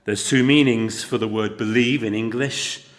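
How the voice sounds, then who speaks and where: A man's voice: fairly low pitch, steady tone, normal speed. Dramatic storytelling male preacher. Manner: dramatic storytelling, swings between loud emphasis and quiet intensity; speaks to the congregation directly with rhetorical questions. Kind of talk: sermon.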